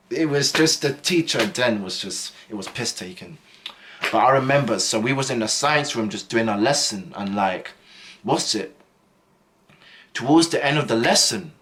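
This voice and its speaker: A man's voice: mid-range voice, fairly bright tone. A young man telling a school story in a casual, rambling way full of slang and fillers. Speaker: vlogger.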